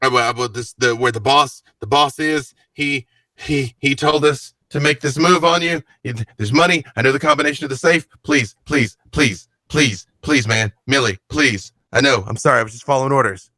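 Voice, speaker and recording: A man's voice: medium pitch, very fast, few pauses, sharp tone, no room sound, distant mic, natural voice. A man voicing a panicked male thug who stammers and begs for his life in a tabletop game. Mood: begging. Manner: stammering, frantic repetition.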